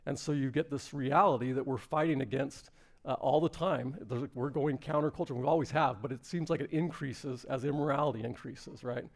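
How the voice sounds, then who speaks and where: A man's voice: medium pitch, fairly quick. A man preaching a fervent, earnest sermon to a congregation in a room. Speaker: pastor.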